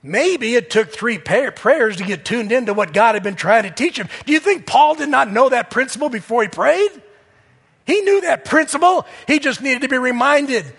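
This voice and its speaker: High-voiced preacher in a reverberant hall. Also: male voice, animated, normal speed, slightly rough. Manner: earnest, swings from loud appeals to hushed near-whispers. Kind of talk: sermon.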